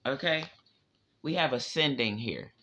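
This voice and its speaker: With a bright, forceful voice, lively intonation and a measured pace, a tarot reader gives a casual spiritual reading. He speaks emphatically, swears, and lets his pitch wander, all captured in dull lo-fi audio.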